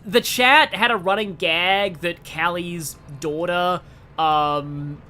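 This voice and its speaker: Slow-paced and sharp-toned, this mid-range voice belongs to a twenty-something Australian giving eager, casual game stream commentary and often starting sentences over. Slight background noise can be heard.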